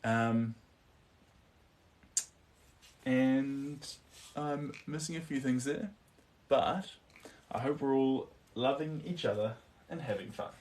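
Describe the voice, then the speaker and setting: A man's voice: mid-range voice, takes it slowly, a little mellow, recorded from a distance. A man with a New Zealand accent chatting casually on a live stream while he paints. He murmurs to himself about his strokes and stops now and then to answer viewer comments.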